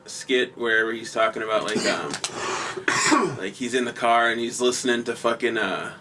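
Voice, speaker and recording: A man's voice: medium pitch, measured pace, far from the mic, heavy background noise. A man on a podcast chatting casually, rambling with lots of "like" and "um" and some swearing. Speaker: podcast co-host. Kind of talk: casual chat.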